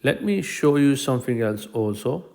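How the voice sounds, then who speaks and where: A man's voice: mid-range voice, animated, moderate pace, vocal fry, darkish tone. A man teaching a recorded grammar lesson, explaining patiently and repeating key phrases for emphasis.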